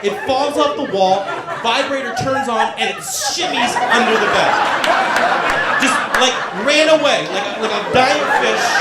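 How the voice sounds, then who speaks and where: A middle-aged man telling a stand-up story on a comedy club stage, animated and acting out the voices of the people in it. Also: very high-pitched, heavy background noise. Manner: animated, acts out quoted voices. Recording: roomy club with loud crowd. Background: audience laughter.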